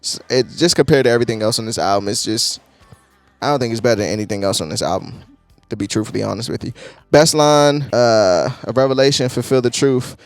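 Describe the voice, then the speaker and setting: A young man reviewing music in a casual, excitable, slangy, rambling way. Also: on the low side, fast, dry recording.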